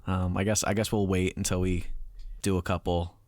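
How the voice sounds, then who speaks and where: Man, podcast co-host, lower voice, hesitant, rambling, dry close mic. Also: little pitch movement, moderate pace, a little mellow, no room sound. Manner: hesitant, rambling with many fillers. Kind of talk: casual chat.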